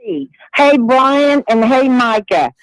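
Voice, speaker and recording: An older woman with a high, bright-sounding voice who calls the show often. She talks in a lively, teasing, motherly way. The sound is dry and close. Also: takes it slowly, vocal fry, dry recording, poor audio. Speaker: regular caller. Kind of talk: call-in radio chat.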